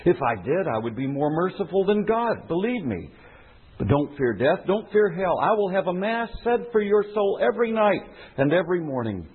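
A man reading as an aging mob boss, speaking in a calm, grave, quiet voice. It is slightly raised and husky, and it sounds thin and phone-like. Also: high voice, moderate pace, voice pushed up, heavily acted. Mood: grave consoling. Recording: tinny phone-like sermon recording.

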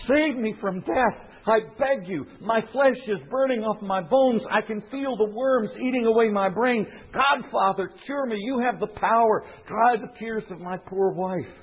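A preacher voicing a delirious dying old man who begs for his life in a high, quavering voice. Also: very animated, brisk, gravelly, few pauses, slightly rough, heavily acted. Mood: desperate pleading. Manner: high quavering pleading cries. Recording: tinny phone-like sermon recording.

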